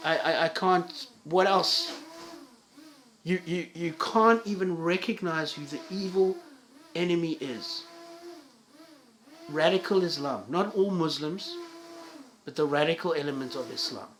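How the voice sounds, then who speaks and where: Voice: mid-range voice, fairly bright tone, a little hiss or hum. Profane, heated ranting vlogger. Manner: heated, profane, stammering restarts. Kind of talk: angry solo rant to camera.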